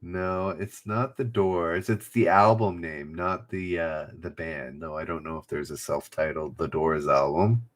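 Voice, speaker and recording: This trivia livestream host is chatty, reads every clue twice, and jokes with viewers in chat. His low-pitched voice stays fairly even, delivered at a measured pace with few pauses.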